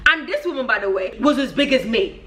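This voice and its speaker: A Nigerian woman in her twenties, a vlogger giving a comedic rant in an animated, exasperated way and often breaking into laughter. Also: fairly high pitch, brisk.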